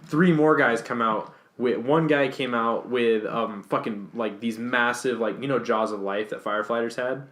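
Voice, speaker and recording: A man's voice: medium pitch, moderate pace, few pauses, fairly bright tone. Rambling, profane young man telling a story. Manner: rambling, profane, lots of fillers and restarts. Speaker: podcast guest. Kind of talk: casual storytelling chat.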